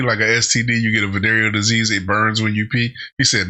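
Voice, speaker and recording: A man's voice: on the low side, little pitch movement, a little fast, bright, forceful tone. A man hosting a reaction channel, giving casual commentary and going off on rambling tangents with frequent laughter.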